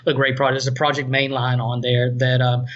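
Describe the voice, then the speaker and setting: A man's voice: mid-range voice, monotone, a little fast, a bit bright. A man with a North Carolina Southern accent, rambling with many restarts as a film producer guest in a casual podcast chat. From North Carolina, USA. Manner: rambling, stammering restarts, self-deprecating. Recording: dull lo-fi sound.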